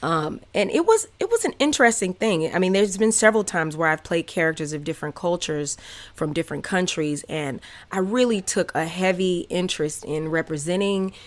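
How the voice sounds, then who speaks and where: A woman in her thirties with a Southern US accent, telling personal stories on her podcast in a candid, animated way with many fillers. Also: on the low side, a little fast. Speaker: podcast host. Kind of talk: casual personal storytelling.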